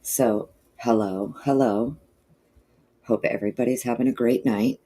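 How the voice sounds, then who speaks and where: Low-energy woman greeting livestream chat. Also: fairly even intonation, a little slow, mellow. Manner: greets chat viewers by name with pet names; frequent throat clearing. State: low energy, not feeling peppy. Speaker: livestream host.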